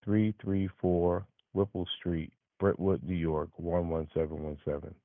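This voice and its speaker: Deep, flat-voiced man on a tinny phone line. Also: vocal fry, no echo. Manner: terse, spells out letters slowly. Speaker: caller placing an order. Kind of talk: phone call.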